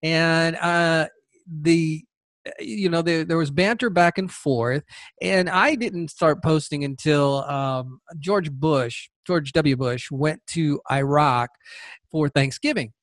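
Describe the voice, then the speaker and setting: A man's voice: on the high side, slow, fairly bright tone, dry recording, clean studio sound. A man hosting a podcast who talks casually and rambles, repeating words and going off on tangents. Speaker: podcast host.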